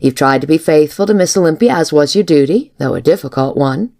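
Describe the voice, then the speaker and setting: A woman reading the lines of a calm, dutiful young female servant in a storybook, pitching her voice a little higher. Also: a little fast. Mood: argumentative.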